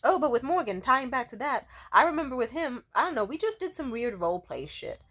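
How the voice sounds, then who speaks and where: A woman's voice: high voice, very animated, brisk, fairly bright tone. A young woman in a casual, profane monologue, candid and laughing often, acting out quoted lines. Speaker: vlogger.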